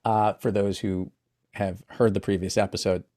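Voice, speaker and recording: Male podcast host, lower voice, enthusiastic, talks straight to the audience. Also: little pitch movement, normal speed, mellow. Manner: upbeat, enthusiastic, addresses listeners directly. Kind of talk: casual interview chat.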